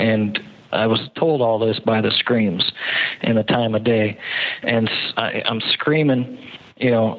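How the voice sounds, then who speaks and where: A man recounts a near-death ordeal in a halting way, often repeating words as he goes. His voice sits at an ordinary middle pitch. It comes through a thin, phone-like line. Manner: halting, repeats words, acts out shouted quotes. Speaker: guest telling his survival story. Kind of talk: emotional first-person storytelling. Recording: narrow phone-line sound.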